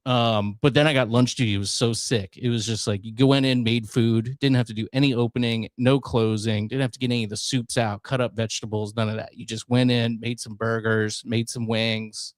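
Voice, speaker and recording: A man's voice: mid-range voice, little pitch movement, fairly quick, few pauses, no room sound, clean studio sound. Laughing, storytelling man co-host. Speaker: podcast co-host. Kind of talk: casual chat.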